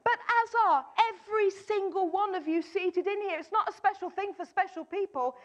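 High-voiced woman preaching emphatically. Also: moderate pace, dull audio. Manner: emphatic, repeats key phrases, acts out doubters' lines. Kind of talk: sermon.

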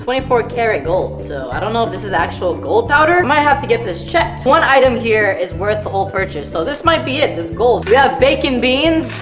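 A woman vlogging as she unboxes a package, talking casually and swinging between whiny letdown and excited squeals. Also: on the high side, roomy sound.

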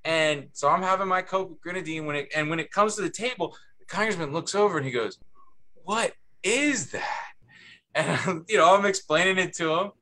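A man, a book's co-author, telling an anecdote on a panel with an animated, chatty delivery. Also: fairly high pitch, quick pace. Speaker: book co-author.

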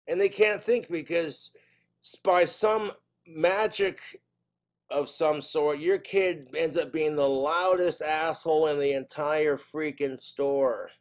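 A man with a notably high voice works through a stand-up routine. His delivery is exasperated and full of profanity. He keeps slipping into quick character voices as he tells the story. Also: steady tone. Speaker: stand-up comedian.

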